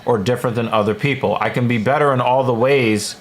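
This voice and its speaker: A man's voice: medium pitch, fast. A man hosting a livestream, reading viewer comments aloud and giving blunt, casual opinions with plenty of fillers. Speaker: livestream host reading chat.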